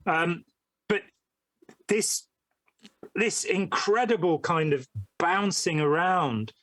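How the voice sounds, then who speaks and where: Male podcast guest, digressive and full of pauses and ums, with a slightly high voice recorded dry. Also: expressive, a bit bright, no echo. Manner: rambling, hesitant, many ums. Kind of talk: conversational podcast interview.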